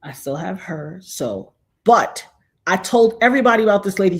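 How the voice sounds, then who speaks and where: A middle-aged woman telling a personal story in a casual, animated way, acting out the other people's lines as she goes. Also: mid-range voice, normal speed. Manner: animated, acts out quoted dialogue.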